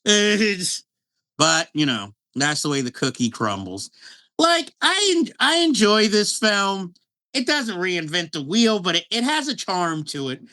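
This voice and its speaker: Lively high-voiced man chatting about films. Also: unhurried. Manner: animated, laughs often, many restarts. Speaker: podcast co-host. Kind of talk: casual film review chat.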